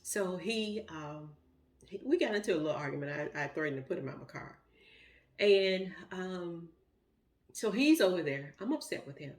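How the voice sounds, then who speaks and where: A woman's voice: lowish voice, expressive, normal speed. A middle-aged woman, telling a heartfelt personal story in a rambling, emotional way with many fillers. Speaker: vlogger.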